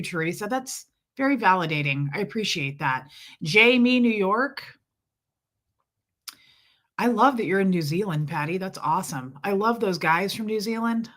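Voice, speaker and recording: A woman hosts a casual livestream, her voice hoarse from being sick yet still bright and forward. She chats freely, greeting viewers by name and reading their comments aloud. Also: mid-range voice. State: hoarse from illness. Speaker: livestream host.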